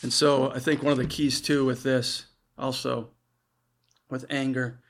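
A man's voice: mid-range voice, level tone, a little slow. A man preaching a sermon in an earnest, conversational way, often restarting his sentences.

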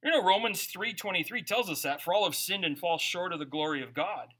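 A man's voice: sits high, brisk, bright, forceful tone. A man preaching a conversational sermon, reading scripture aloud and breaking into informal, jokey asides. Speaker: pastor.

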